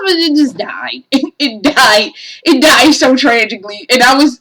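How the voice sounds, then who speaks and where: A woman's voice: sits high, moderate pace, background noise. A woman giving a casual game review, profane and exasperated, ranting animatedly.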